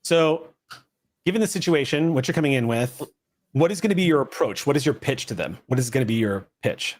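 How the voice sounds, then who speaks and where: A man's voice: medium pitch, animated, brisk. A man running a tabletop role-playing game, narrating scenes and explaining the rules with plenty of fillers. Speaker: game master.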